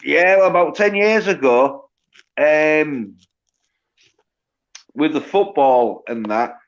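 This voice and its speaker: Slow-talking man with a Hull accent. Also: on the high side, highs cut off. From England. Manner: rambling, lots of fillers and restarts. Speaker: chat participant. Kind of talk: casual voice chat.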